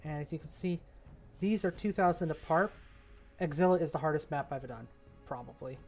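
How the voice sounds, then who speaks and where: A man's voice: a little high, brisk, darkish tone, soft background music. A man thinking aloud in a casual, rambling way as he builds a game map, often trailing off. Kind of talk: casual commentary while working.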